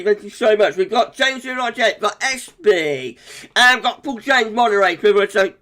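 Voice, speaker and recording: A man with a notably high voice hosts a casual weather livestream. He talks into a desk mic in a chatty, upbeat way, greeting viewers by name in quick bursts. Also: animated, pushed and bright. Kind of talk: casual live-stream chat, reading out viewer comments.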